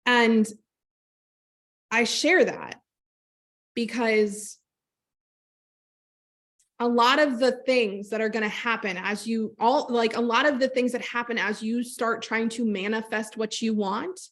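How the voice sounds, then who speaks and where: A woman coaching a group on a call, telling a personal story in a lively, conversational way and speaking straight to her listeners. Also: on the high side, slow pace, long pauses. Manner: animated storytelling, acts out quoted voices; conversational, direct address to listeners. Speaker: trauma-informed business coach.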